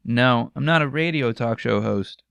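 Young American man, podcast host, wry self-deprecating humor, gravelly voice, dry close mic. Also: mid-range voice, a little slow, fairly bright tone, no echo. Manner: self-mocking, joking, laughs often. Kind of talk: casual solo podcast chat. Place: home room with microphones. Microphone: studio microphone.

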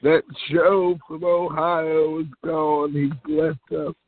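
A man's voice: fairly high pitch, little pitch movement, takes it slowly. A man prank-calling a phone chat line, putting on an over-the-top grieving manner. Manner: theatrical fake grief, exaggerated swoops. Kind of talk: prank call, mock-mournful speech. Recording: phone-line audio, dry.

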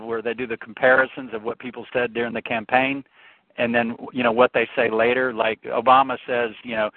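A man's voice: mid-range voice, dry recording. A man on a talk show, ranting passionately about politics and telling stories with frequent restarts. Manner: impassioned, storytelling, frequent restarts. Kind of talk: opinionated political rant. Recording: tinny phone-like, dry sound.

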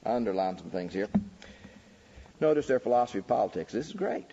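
A man's voice: lively intonation, quick pace, mellow, a little hiss or hum. Emphatic male preacher in a reverberant hall. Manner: emphatic, pitch rising sharply on key words. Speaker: preacher teaching a lecture series. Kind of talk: sermon-style lecture. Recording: dull recording with long hall reverb.

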